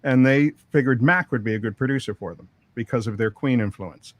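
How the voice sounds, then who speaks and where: Brief: middle-aged male producer, anecdotal, dry mic, mid-pitched. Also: a little fast, dry recording. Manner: rambling anecdotes with quoted dialogue and laughs. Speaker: record producer, interview guest. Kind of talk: storytelling interview.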